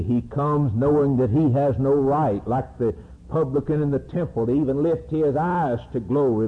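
Man, preacher, husky voice, slow delivery, swooping sermon pitch, thin phone-like sound. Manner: slow, emphatic preaching that rises to high-pitched climaxes. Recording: narrow, phone-like recording.

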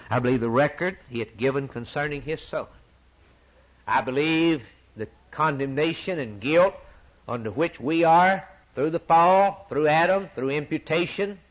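A man preaching a sermon, repeating phrases for emphasis and swinging from loud declarations to near-whispers. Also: a little high. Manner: dramatic swings from loud to hushed, repetitive emphasis.

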